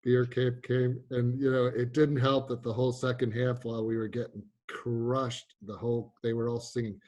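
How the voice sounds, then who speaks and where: Older male ex-player, mid pitch, eager, stumbles over words. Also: little pitch movement, normal speed, darkish tone. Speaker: former college lacrosse player. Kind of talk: casual reminiscing.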